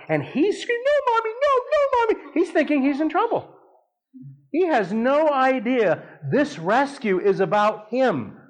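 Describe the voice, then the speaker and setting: High-voiced man telling a sermon story. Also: rough recording. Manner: animated, humorous storytelling with dramatic pitch swings. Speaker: preacher.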